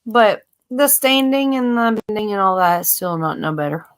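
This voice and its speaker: A woman's voice: medium pitch, animated, moderate pace, clear, resonant tone. A woman hosting a casual live-stream chat, loose and blunt with slang and mild cursing. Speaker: livestream host.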